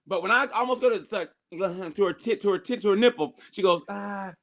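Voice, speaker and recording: In a casual podcast chat, a man tells a long, profane story at high speed in a high voice. He's animated, restarting often and acting out the quotes.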